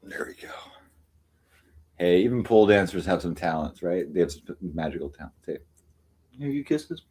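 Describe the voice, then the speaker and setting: A man's voice: low-pitched, big pitch swings, normal speed, a little mellow, husky. Man cooing baby talk to his cats. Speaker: livestream host. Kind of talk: casual livestream chat.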